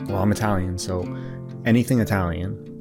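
Low voiced canadian guy chatting easy on a podcast, faint guitar behind. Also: steady tone, brisk, vocal fry. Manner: easygoing, laughs along. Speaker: podcast co-host, author and poet. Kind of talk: casual chat.

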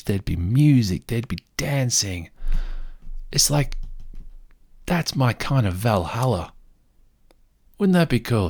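A man's voice: mid-range voice, sing-song, takes it slowly, pauses often, a little mellow, dry recording, clean studio sound. A man telling rambling, self-deprecating stories in a casual solo monologue.

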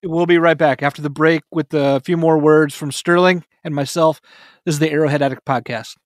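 A man's voice: fairly high pitch, fairly even intonation, no room sound, clean studio sound. Upbeat male sports podcast host. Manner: upbeat, quick to laugh. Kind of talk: casual sports podcast chat.

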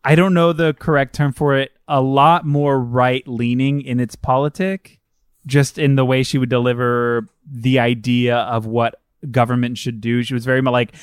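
A man co-hosting a podcast, chatting casually and enthusiastically, full of fillers and quick asides. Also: medium pitch, steady tone, smooth, dry recording, studio quality. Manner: enthusiastic, rambling with many fillers. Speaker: podcast co-host. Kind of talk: casual chat.

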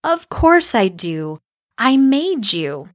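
A large, bearded woodcarver who speaks slowly and softly to reassure , voiced by a woman reading a storybook. His words are patient and kind. The sound is dry and close. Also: on the high side, sing-song, no room sound, voice pushed up. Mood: warm. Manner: gentle, slow and reassuring.

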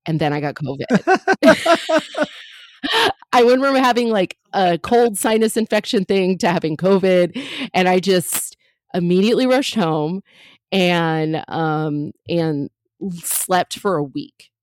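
A woman's voice: fairly low pitch, lively intonation, takes it slowly, no room sound. A woman comedian in her thirties telling a story as a podcast guest, chatty and full of fillers and jokey asides.

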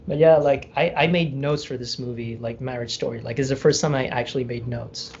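A man's voice: mid-range voice, steady tone, moderate pace, vocal fry, darkish tone. A man co-hosting a podcast in casual chat, rambling and laughing often as he trails off mid-sentence. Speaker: podcast co-host. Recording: dull remote recording with faint noise.

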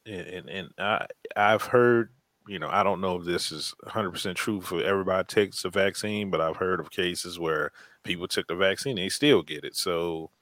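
A man's voice: low-pitched, moderate pace, a bit bright, dry recording. A man co-hosting a podcast, blunt and joking, swearing freely in casual chat. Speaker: podcast co-host.

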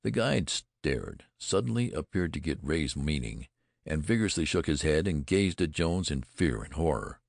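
A man narrating an adventure audiobook in a measured, dramatic storytelling manner. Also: sits low, vocal fry, darkish tone, no echo, studio quality.

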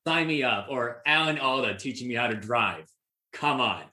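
A man's voice: mid-range voice, expressive, normal speed, bright, forceful tone, a little hiss or hum. A man hosting an interview, chatty and eager, often restarting his questions. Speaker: podcast host. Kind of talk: casual interview chat. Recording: echoey room.

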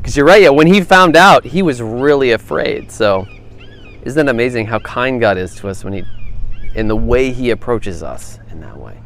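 A man's voice: mid-range voice, lively intonation, normal speed, vocal fry, a bit bright. A man leading a small-group Bible study, thinking aloud and asking the group questions in a casual, conversational way.

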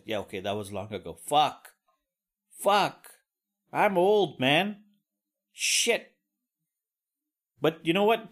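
A man in his forties hosting a podcast, talking in a casual monologue and ranting sardonically with plenty of swearing. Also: medium pitch. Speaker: podcast host.

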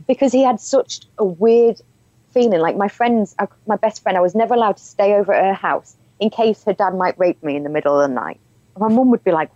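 A woman's voice: mid-range voice, a little fast, dark tone, no echo, lo-fi sound. A woman telling her own story as an interview guest, candid and frank, often breaking into laughter. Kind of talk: personal storytelling in conversation.

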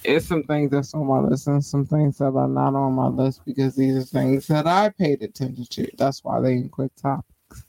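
A woman hosting her own podcast, talking casually in slang and giving affectionate shout-outs to her listeners. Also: extremely low pitch, steady tone, moderate pace, creaky, rough recording. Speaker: podcast host. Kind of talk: casual solo podcast chat.

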